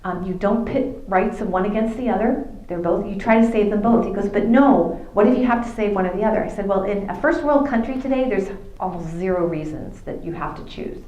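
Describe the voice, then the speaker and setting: A woman's voice: mid-range voice, fairly quick, few pauses, warm tone. A middle-aged woman, telling a faith story to a youth audience and acting out the dialogue. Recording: echoey room.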